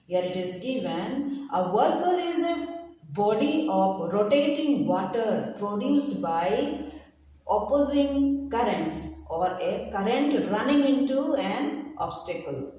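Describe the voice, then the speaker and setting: A woman teacher, slowly reading a textbook chapter to pupils and explaining each word in simple terms, with pauses and fillers. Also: on the high side, warm tone, far from the mic. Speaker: school teacher. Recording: echoey room, voice from away from the mic, faint noise.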